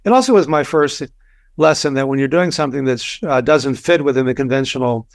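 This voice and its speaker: Older male doctor from Texas, relaxed storyteller, dry recording. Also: medium pitch, fairly quick, vocal fry, no echo. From Texas, USA. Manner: relaxed, anecdotal, many fillers and restarts. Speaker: physician guest. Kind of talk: conversational storytelling.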